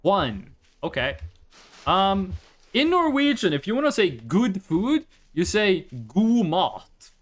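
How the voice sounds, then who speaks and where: A game streamer chats casually through a live gameplay session, swearing freely and breaking into excited exclamations. The voice is medium in pitch and slow, captured on a desk microphone at home.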